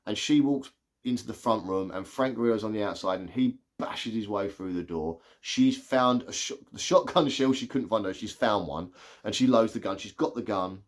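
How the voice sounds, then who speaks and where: A man giving a casual, excitable spoiler review of a movie, retelling scenes with lots of "like". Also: lowish voice, moderate pace. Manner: chatty, excitable retelling full of "like".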